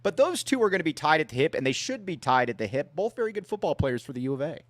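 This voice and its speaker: A man hosting a casual sports talk show, playful and quick to joke. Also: sing-song, no echo, clean studio sound. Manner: playful, swings into a high announcer voice. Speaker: podcast host.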